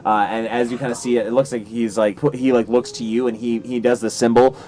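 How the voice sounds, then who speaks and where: A man's voice: medium pitch, little pitch movement, fairly quick, darkish tone. A man narrating and running a tabletop game as game master, rambling with many fillers.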